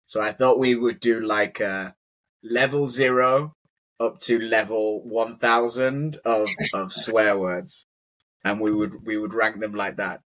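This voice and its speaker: A man's voice: lowish voice, steady tone, unhurried, fairly bright tone. A British man teaching English in a casual conversational lesson, chatty and full of "like" fillers.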